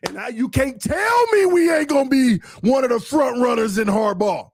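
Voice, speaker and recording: Excitable loud man on a live sports stream. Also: very high voice, normal speed, few pauses, slightly rough, no room sound. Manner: loud, excitable, repeats himself, slangy. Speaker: podcast host.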